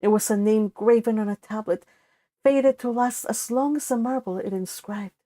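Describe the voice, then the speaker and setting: A woman's voice: a little high, dark tone. Woman reading a novel with a Spanish accent. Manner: unhurried reading, breaking off for casual asides and corrections. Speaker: audiobook reader. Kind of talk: reading a classic novel aloud.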